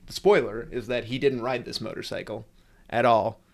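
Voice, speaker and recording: A man's voice: mid-range voice, steady tone, normal speed. A man hosting a casual livestream, ranting with sarcasm and frequent swearing. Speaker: livestream host.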